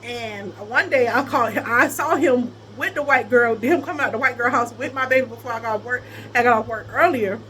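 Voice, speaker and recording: A young adult woman in casual storytelling chat, animated, often laughing and breaking into high squeals. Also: fairly quick, a little hiss or hum. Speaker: vlogger telling a personal story.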